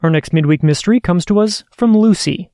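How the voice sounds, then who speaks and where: A man hosting a podcast, reading listener stories aloud in a steady, earnest way. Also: sits high, fairly quick, dry recording, clean studio sound. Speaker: podcast host.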